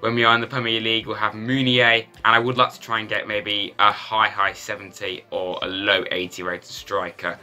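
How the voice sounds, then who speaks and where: A man commentating his football video game in a lively, self-mocking way. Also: on the low side, moderate pace, few pauses, smooth. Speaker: gaming YouTuber.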